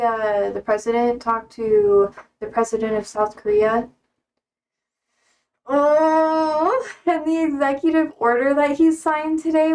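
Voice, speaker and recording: A young woman with a fairly high voice chats loosely on a live stream. She rambles and leans on fillers, and she often breaks off her own sentences to start a new thought. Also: a little mellow, low-quality recording. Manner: rambling, filler-heavy, self-interrupting. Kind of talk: casual live-stream chat.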